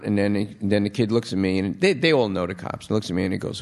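Gravelly-voiced man telling a lively anecdote. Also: fairly low pitch, quick pace. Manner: animated storyteller acting out voices, with fillers and restarts. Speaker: novelist and TV writer, event guest. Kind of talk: storytelling anecdote in a live talk. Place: stage at a public event before an audience.

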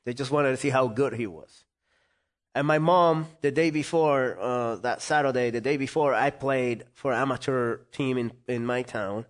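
Man telling a lively story. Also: medium pitch, moderate pace. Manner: animated, acts out quoted voices. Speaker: interview guest. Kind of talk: storytelling in conversation.

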